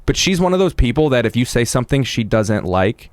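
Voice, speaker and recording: A man guesting on a podcast, telling stories in casual chat with an animated manner and plenty of casual swearing. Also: mid-range voice, fairly quick, no echo.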